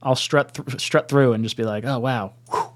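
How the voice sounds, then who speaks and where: A man co-hosting a casual sports chat stream, animated and self-mocking, breaking into laughs as he tells stories. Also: mid-range voice, fairly quick. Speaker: podcast co-host.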